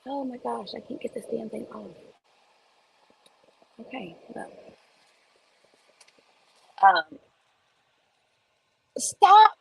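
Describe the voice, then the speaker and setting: A woman's voice: fairly high pitch, gravelly, a bit bright, slightly rough, rough recording. A woman host on a phone livestream, sitting in her car, ranting bluntly and profanely. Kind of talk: casual livestream rant. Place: in a parked car in a school pickup line.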